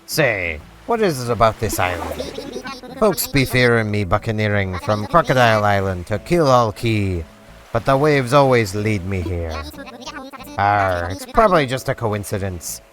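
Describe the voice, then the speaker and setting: A man's voice: fairly low pitch, animated, unhurried. A man voicing a blustering male pirate seagull castaway, reading game dialogue in a hammy, theatrical pirate voice. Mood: hearty. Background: game music.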